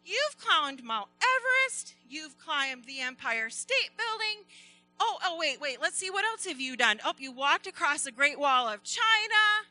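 A woman's voice: high-pitched, big pitch swings, a little slow, sharp tone, no echo, soft background music, exaggerated voice. A woman voicing a cheerful, bossy female ladybug friend in a storybook tale, giving pep talks and exclamations. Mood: teasing.

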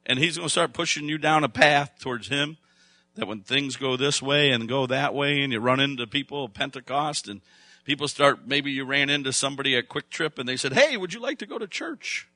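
A man delivering a sermon in a bright, forceful voice. He talks conversationally, then swells into loud, emphatic stretches. The sound is dry and close. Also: mid-range voice, fairly even intonation, a little fast, dry recording. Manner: conversational preaching, rising to loud emphatic bursts. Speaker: pastor.

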